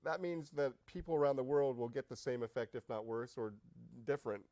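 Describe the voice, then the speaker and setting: A man guest-hosting a talk show, interviewing a guest in an excitable, halting way with frequent laughs. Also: mid-range voice, no room sound. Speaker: guest host. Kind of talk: casual interview.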